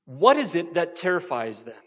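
A man preaching a sermon, slow and emphatic, pausing to stress his points. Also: on the high side, sing-song, fairly bright tone. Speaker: pastor. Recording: dull lo-fi sound.

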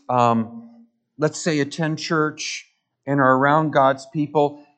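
Earnest pastor preaching, slow and emphatic. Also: male voice, on the high side. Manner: earnest, rising to emphatic peaks with repeated words; asks the congregation direct questions. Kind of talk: sermon.

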